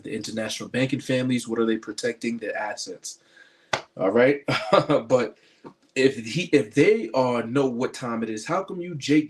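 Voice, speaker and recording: A man's voice: mid-range voice, a little hiss or hum. A man preaching in a spiritual commentary. His delivery is emphatic and insistent, with frequent um and uh fillers and stumbling restarts.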